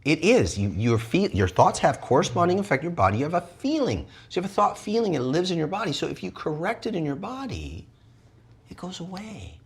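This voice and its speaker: A man teaching energy arts in an animated, lively way, often jumping into high playful voices for the people he quotes. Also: fairly quick, husky. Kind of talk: animated wellness talk.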